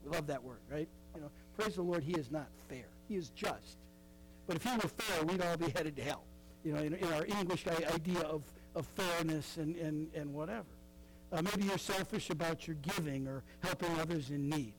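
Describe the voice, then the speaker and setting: A man's voice: a little high, normal speed, slight background noise, rough recording. A middle-aged man preaching a sermon in a conversational way, with frequent asides and fillers. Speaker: pastor.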